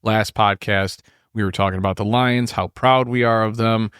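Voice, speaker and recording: Man, fairly low voice, rambling podcast chat, easy laugh, dry sound. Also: fairly even intonation, normal speed, fairly bright tone, smooth, dry recording. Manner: laughs easily, loose rambling talk with many fillers. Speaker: podcast co-host. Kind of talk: casual chat.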